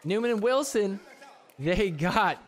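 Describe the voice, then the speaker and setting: A man's voice: sits high, slow pace. Wisecracking male pickleball recap host. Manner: chatty and wisecracking, jumps to excited yells on big plays. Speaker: podcast host. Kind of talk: sports recap commentary over match footage.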